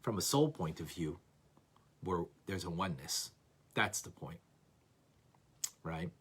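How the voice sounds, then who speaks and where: A man teaching a lively class on a religious text, asking "right?" often and acting out examples. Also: deep voice, takes it slowly, slightly rough. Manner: animated, playful, acts out examples, frequent "right?". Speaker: Torah teacher.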